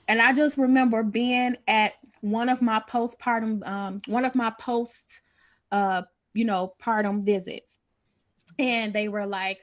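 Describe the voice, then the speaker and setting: A woman, candidly telling a personal story and acting out the dialogue with big pitch jumps. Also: moderate pace. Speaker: podcast guest sharing a personal story.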